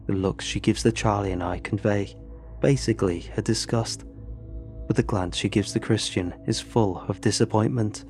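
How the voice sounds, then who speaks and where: A man's voice: on the low side, steady tone, moderate pace, darkish tone, faint music behind. A man narrating a first-person horror story in an earnest, tense way.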